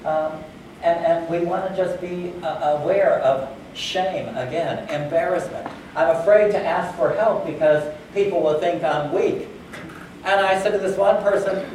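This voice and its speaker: A man talks to a conference crowd in a relaxed, conversational way, dropping fillers and voicing the people he quotes. His voice sits at a middle pitch and comes from some way off the mic. The hall rings with heavy echo, and a faint hum runs underneath. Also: moderate pace. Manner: conversational, many fillers, acts out quoted dialogue. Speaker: conference speaker. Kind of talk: conference talk. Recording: echoey hall, far from the mic.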